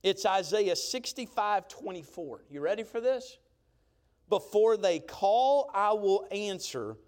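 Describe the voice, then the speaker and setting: Animated high-voiced preacher man. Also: slow. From Georgia. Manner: storytelling with lively emphasis, frequent "right?". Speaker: pastor. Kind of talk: sermon.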